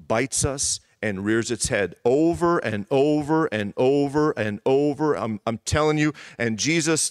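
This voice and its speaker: Man preaching with hushed emphasis. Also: mid-range voice, clean tone, no echo. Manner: emphatic, repeats phrases, drops to a hushed voice. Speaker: pastor. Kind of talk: sermon. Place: church.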